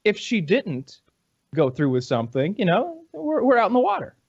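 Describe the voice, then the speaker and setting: An American man with a slightly raised pitch delivers absurd bits in a deadpan way during a casual podcast chat. The audio is dull and lo-fi, and the room is dry. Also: normal speed, slightly rough, no echo. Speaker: podcast co-host.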